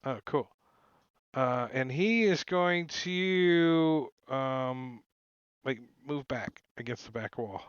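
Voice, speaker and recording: A man's voice: medium pitch, slow pace, smooth, no echo, highs cut off. A man narrating as game master in a loose, rambling way, chuckling as he describes the action. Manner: laid-back, rambling, chuckling.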